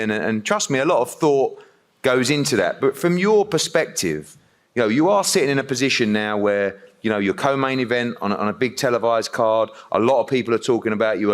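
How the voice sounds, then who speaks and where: A man interviewing at a press conference, asking long, rambling questions with many restarts. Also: mid-range voice.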